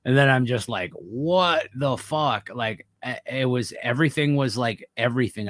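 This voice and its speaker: A man's voice: medium pitch, no echo. A man hosting a podcast, telling a wild story in casual, profane chat. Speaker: podcast host.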